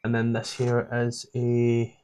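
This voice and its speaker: This game master is a Scottish man with a medium-pitched, resonant voice who speaks slowly and clearly. He rambles in a relaxed way, leafing through his notes out loud as he checks details for the tabletop session.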